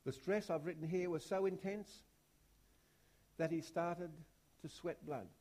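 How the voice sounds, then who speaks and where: A man preaching a sermon, driving points home with repeated rhetorical questions and big swings from hushed to loud. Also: on the high side, measured pace.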